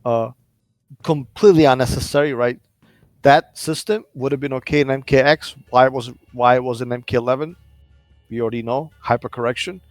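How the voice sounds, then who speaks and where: A man on a casual podcast who lays out his arguments at length and leans on fillers as he goes. His voice is recorded close and dry, with faint music underneath. His pitch is average. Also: steady tone, no room sound. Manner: measured, explaining, many fillers. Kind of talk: casual gaming podcast chat.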